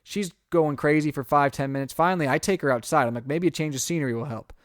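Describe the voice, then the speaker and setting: A man's voice: fairly high pitch, fast talker, dry recording, clean studio sound. A man co-hosting a podcast, telling a long story in casual chat and acting out his own reactions. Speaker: podcast co-host.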